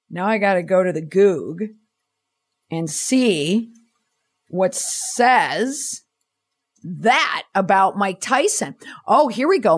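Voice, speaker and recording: A woman hosting her own podcast in a sarcastic, exasperated tone as she answers messages from her audience. Her pitch swoops and leaps constantly. The delivery is animated and conversational. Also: slow pace. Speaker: podcast host. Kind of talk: solo podcast reading listener messages.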